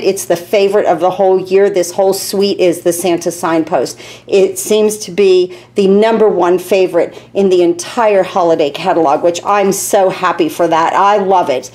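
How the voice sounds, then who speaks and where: A woman in her fifties talks through a card-making tutorial in her home craft room. She is chatty and eager and drops plenty of ums as she goes. Her voice sits at an ordinary pitch for a woman. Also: a little mellow. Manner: chatty and enthusiastic, with frequent ums. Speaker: stamping demonstrator.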